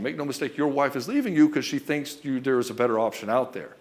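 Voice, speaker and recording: A man's voice: mid-range voice, fast. A man giving a relationship coaching monologue straight to the camera, blunt and emphatic, swearing often and calling the listener brother and dude.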